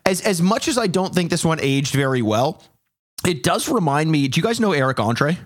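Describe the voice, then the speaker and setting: A man's voice: fairly high pitch, expressive, moderate pace, dry recording, clean studio sound. A man co-hosting a casual podcast, reviewing comedy sketches in a rambling way with frequent restarts. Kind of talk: casual chat.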